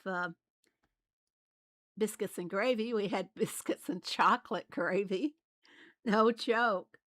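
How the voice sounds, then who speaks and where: A woman's voice: mid-range voice, pushed and bright, no room sound. A woman from Arkansas with a light Southern US accent, chatting casually as she plays a game and laughing often. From Arkansas, USA. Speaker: game channel host. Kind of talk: casual gameplay commentary.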